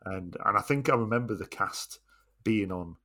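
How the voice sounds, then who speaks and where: A man's voice: on the low side, normal speed, pushed and bright. A man co-hosting a casual podcast, reminiscing in rambling, reflective talk. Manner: short agreeing replies, rambling reminiscence. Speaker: podcast co-host. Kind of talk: casual chat.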